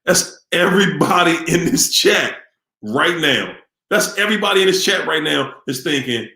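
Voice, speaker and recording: Animated man preaching to a live chat. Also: a little high, normal speed, reverberant. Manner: preachy, animated, repeats himself, asks the audience. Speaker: host of a live Q&A stream. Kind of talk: casual live-stream talk to viewers.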